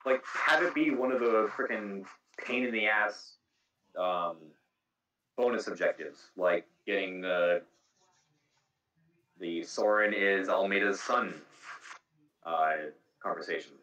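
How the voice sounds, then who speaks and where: A man's voice: fairly low pitch, fairly even intonation, slow, long pauses, bright, forceful tone, muffled recording. A man hosting a casual podcast chat about video games, explaining game details at length. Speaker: podcast host. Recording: echoey room, distant mic.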